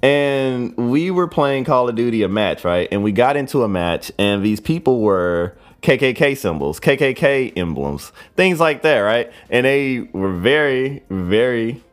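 A man's voice: mid-range voice, animated, unhurried, few pauses. A young man hosting a podcast, telling a story in a rambling, profane way and adding "right?" after nearly every phrase. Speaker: podcast host. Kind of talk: casual solo monologue.

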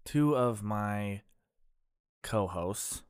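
A man's voice: on the low side, lively intonation, extremely slow, smooth, dry recording, studio quality. A man hosting a casual podcast chat, joking and laughing often. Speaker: podcast host.

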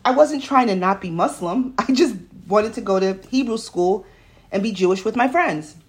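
A woman's voice: medium pitch, lively intonation, moderate pace. Woman from New York City, podcast host, casual solo storytelling, chatty, digressive, home studio.

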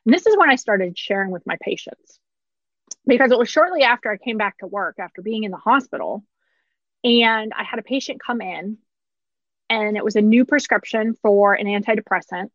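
A woman's voice: medium pitch, moderate pace, dry recording, dull audio. A woman in her thirties, a pharmacist, candidly telling a personal story with short laughs through hard moments.

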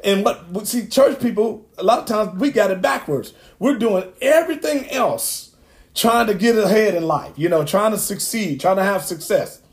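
A man's voice: sits high, lively intonation, moderate pace. A man preaching a sermon, emphatic and repetitive, with asides to the congregation.

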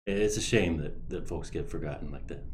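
A man on a talk show speaking in a reflective, halting way, with many pauses and restarts. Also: rumbling low, a little hiss or hum. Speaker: program guest. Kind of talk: casual interview talk.

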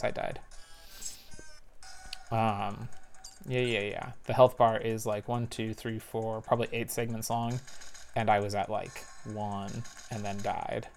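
A man giving casual commentary while playing a spy video game, thinking aloud with little excited outbursts. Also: medium pitch, gravelly, slight background noise. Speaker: parent. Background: faint game music.

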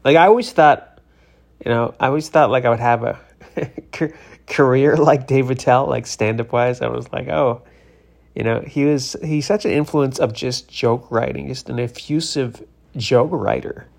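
A man's voice: mid-range voice, fairly even intonation, moderate pace, gravelly, a little mellow. A tired man casually telling a story to his vlog audience, rambling with many fillers and restarts. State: tired, yawning.

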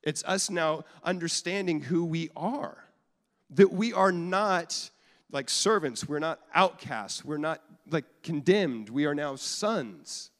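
A man's voice: on the high side, expressive, takes it slowly, a bit bright. A man in his thirties, a pastor giving a casual, joking sermon to a church, often restarting his sentences. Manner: conversational, jokey, repeats and restarts often. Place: church sanctuary. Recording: long hall reverb.

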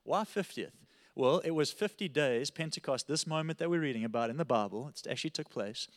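Animated male pastor preaching in a hall. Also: on the high side, brisk. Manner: animated storytelling, frequent "all right?" checks. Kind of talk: sermon.

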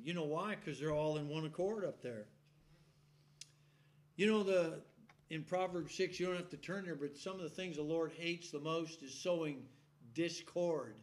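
A preacher with a voice on the high side gives a sermon full of folksy, animated storytelling. He frequently laughs while acting out the shouts of a congregation.

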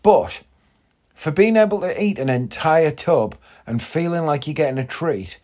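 A man's voice: fairly high pitch, animated, unhurried, darkish tone. A man hosting a podcast, chatting casually and rambling with self-deprecating asides, tired and yawning. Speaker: podcast host. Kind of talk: casual solo podcast chat.

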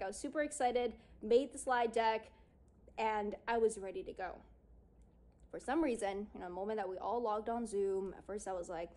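A woman speaks straight to her audience in a loose, chatty way, full of "like" and little asides. She acts out the lines she and other people said back then. Her voice sits at an ordinary middle pitch. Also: moderate pace, dark tone. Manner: casual, lots of "like", acts out her own past lines. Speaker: speaker on confidence and yoga. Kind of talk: personal storytelling talk.

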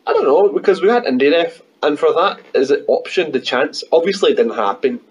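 A man's voice: fairly high pitch, animated, a little fast, husky, muffled recording. A young man with a Scottish accent, a podcast guest chatting in a laid-back, joking way and laughing a lot. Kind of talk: casual chat.

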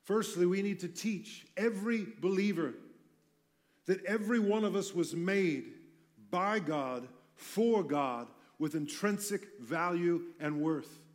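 A man preaching a passionate sermon, swinging between loud emphasis and quiet intensity, with light humorous asides. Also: sits high, slow.

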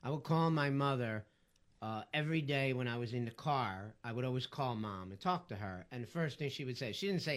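A man's voice: mid-range voice, lively intonation, brisk. A middle-aged man co-hosting a radio talk show, telling stories in a chatty, teasing way.

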